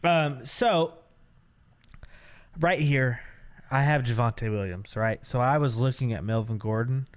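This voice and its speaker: A man co-hosting a casual fantasy football podcast, thinking out loud as he runs through draft picks. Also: medium pitch, measured pace, pauses often, no echo. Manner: animated, thinks aloud while listing picks. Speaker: podcast co-host.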